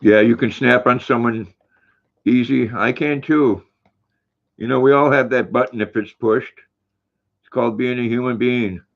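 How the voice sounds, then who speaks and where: A man's voice: mid-range voice, moderate pace, vocal fry, pauses often, highs cut off. An older man hosting a casual livestream, reading viewer comments aloud and talking fondly to his dog in a folksy way. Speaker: livestream host.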